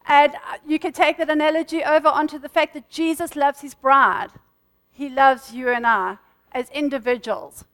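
A woman teaching a church group in an informal, fast-talking sermon, chatting with the listeners and laughing between points. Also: sits high, a bit bright. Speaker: church speaker.

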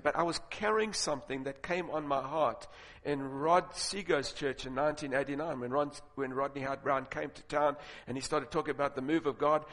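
A man preaching a sermon, telling stories and building to loud, emphatic points. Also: a little high, fairly quick, hardly any pauses. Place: large auditorium with audience. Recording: long reverb of a large hall.

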